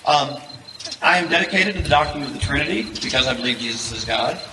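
A man with a Southern US accent gives a debate statement, conversational and self-deprecating. His voice sits in a middle pitch. He is recorded from a distance in an echoing room with clear background noise. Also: lively intonation, quick pace. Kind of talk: formal debate opening statement.

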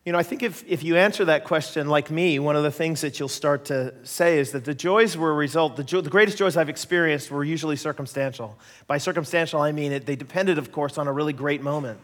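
A middle-aged man gives a sermon and tells stories from his own life, acting out each voice he quotes. His voice sits a little high for a man. A long reverb trails behind every phrase, the sound of a large hall. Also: fast, hardly any pauses. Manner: animated, laughing storyteller who acts out quoted voices. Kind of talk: sermon storytelling.

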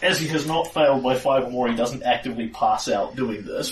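A man narrating a tabletop game as game master, telling the story with lively delivery and explaining the rules as he goes. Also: mid-range voice, fairly quick, hardly any pauses. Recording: echoey room, distant mic, noisy.

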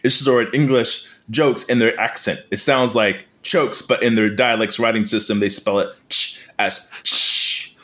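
A man's voice: lowish voice, steady tone, normal speed, fairly bright tone. A man co-hosting a comedy podcast, reading listener mail aloud and wandering off into rambling, giggly tangents. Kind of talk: casual comedic chat.

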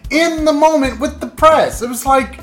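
A man's voice: very high-pitched, normal speed, fairly bright tone, soft background music. A man co-hosting a casual podcast, joking and riffing, acting out quotes as he talks. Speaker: podcast co-host. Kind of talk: casual comedic chat.

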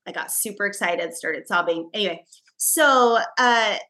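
Bright-voiced chatty woman co-host. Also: medium pitch, a little slow. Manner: chatty storyteller, frequent fillers and restarts. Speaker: podcast co-host. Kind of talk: casual chat.

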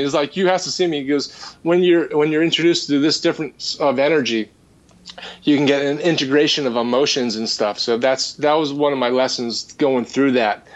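A man's voice: mid-range voice, muffled recording. A man, an energy healer, earnestly retelling a spiritual experience in casual conversation. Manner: earnest, animated retelling with restarts. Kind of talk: casual storytelling.

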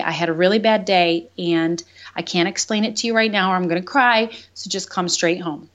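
A woman's voice: fairly low pitch, steady tone, a little fast. A woman guest on a podcast, candidly telling a painful personal story with earnest openness and the odd laugh. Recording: dull lo-fi sound.

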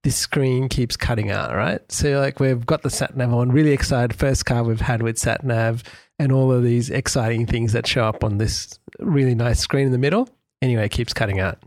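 Podcast co-host, middle-aged, gravelly voice, dry close sound, animated storyteller. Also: male voice, mid-range voice, normal speed, dry recording. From Australia. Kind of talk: casual chat.

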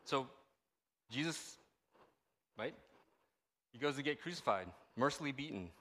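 A man's voice: medium pitch, a little slow, long reverb tail. A man giving a casual, conversational sermon as a pastor, often checking in with the audience. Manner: animated, conversational, asks the audience "right?" often.

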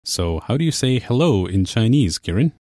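A young man hosting a language course, explaining in a clear, measured teacher's manner. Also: mid-range voice, very animated, darkish tone, no room sound, clean studio sound. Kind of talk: scripted lesson narration.

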